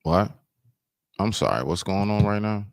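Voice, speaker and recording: A man's voice: on the low side, animated, unhurried, creaky, dry recording, clean studio sound. A man hosting a live stream, reacting to clips with blunt, scolding, slangy commentary.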